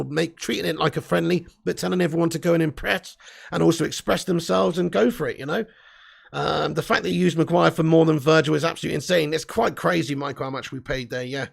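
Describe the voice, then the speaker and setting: A young livestream host reads chat comments during a live fan stream, ranting bluntly in excitable banter full of swearing. His voice is a little high, creaky, and slightly rough.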